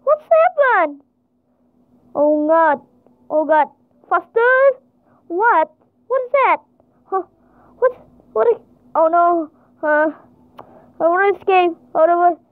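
Very high, excitable woman gaming. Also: a little slow, pauses often, no room sound. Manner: excitable, frequent panicked exclamations. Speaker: gamer. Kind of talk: panicked gameplay commentary. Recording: tinny phone-like sound, dry.

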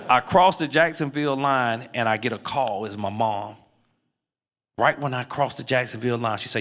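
A middle-aged man telling his life testimony as a guest speaker, dropping low and quiet in the story, then rising loud and high as he exhorts the listeners. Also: normal speed.

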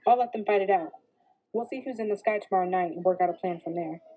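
A woman's voice: medium pitch, fast talker, warm tone, natural voice, low-quality recording. A woman reading the lines of a guarded teenage girl who answers brusquely and defensively.

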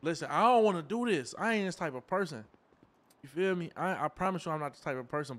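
A man streaming a game role-play, talking in a pushy, insistent way that sometimes drops to a low pleading tone. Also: animated, fast, fairly bright tone. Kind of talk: casual role-play banter.

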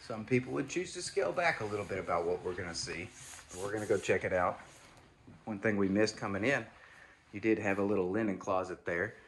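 A man's voice: lowish voice, animated, a little fast, slight background noise. A man giving a casual, enthusiastic walkthrough of a new house, talking to viewers as y'all. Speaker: home tour host. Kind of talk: walkthrough home tour narration.

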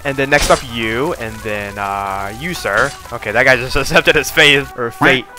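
A man giving casual gameplay commentary in an excitable, jokey way, reading chat aloud. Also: mid-range voice, normal speed, soft background music. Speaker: gaming video creator.

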